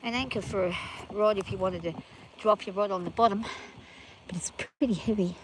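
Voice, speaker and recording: An exhausted, overheated woman talking anxiously to herself as she films while walking outdoors on rough ground. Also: mid-range voice, a little fast, poor audio. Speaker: farm vlogger. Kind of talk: casual self-filmed chat while walking. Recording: loud outdoor background noise.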